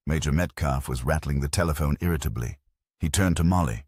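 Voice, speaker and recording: A man reading a mystery novel aloud as narrator, with measured storytelling delivery. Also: rumbling low, a little mellow, breathy edge, dry recording, studio quality. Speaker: audiobook narrator.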